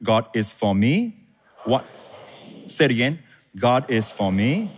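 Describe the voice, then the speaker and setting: Male pastor, emphatic call-and-response preaching, lively delivery, echoing hall. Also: mid-range voice, takes it slowly, husky. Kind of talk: sermon. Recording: reverberant hall.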